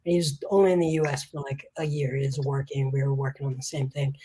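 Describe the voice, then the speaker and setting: Husky low-voiced woman telling a story. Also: fast talker. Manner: animated, laughing storyteller. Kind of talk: casual storytelling.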